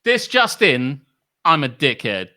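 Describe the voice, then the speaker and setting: Animated man in podcast chat. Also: a little high, a little slow. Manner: animated, sweary, acts out quotes in mocking voices. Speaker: podcast co-host.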